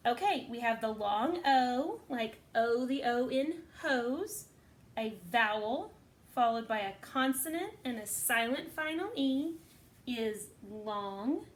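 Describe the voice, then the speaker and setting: A woman's voice: on the high side, lively intonation, slow pace. A woman teaching a phonics lesson to kindergarten children, patiently sounding out words.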